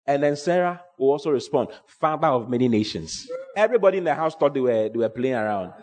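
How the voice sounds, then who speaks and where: A man's voice: medium pitch, fast talker, darkish tone, in a large hall. A man, preaching a sermon with emphatic, repeating phrases.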